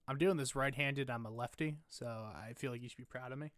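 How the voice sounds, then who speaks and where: A young man streaming casually, rambling and putting himself down, turning loud and animated when he rants. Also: mid-range voice, a little fast, dry recording. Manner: rambling, self-deprecating, gets loud and animated when ranting. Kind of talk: casual chat.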